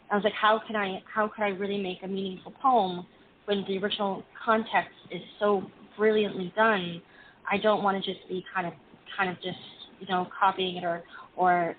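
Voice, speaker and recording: Chatty woman poet over a phone line. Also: medium pitch. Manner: earnest, chatty, with fillers and restarts. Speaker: poet reading on a call-in show. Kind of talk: casual on-air chat. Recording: tinny phone line, faint hiss.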